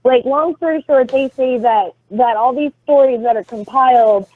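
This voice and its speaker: A woman's voice: high-pitched, normal speed, dry recording. Female podcast caller, casual and rambling, heard through a dry, tinny phone line. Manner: rambling, hedging with fillers. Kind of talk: casual chat. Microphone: phone call.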